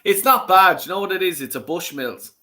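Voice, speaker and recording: An Irish man hosts a casual football watch-along, his voice bright and forward. He gets excitable with the game and swears loudly at the players. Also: high-pitched, normal speed.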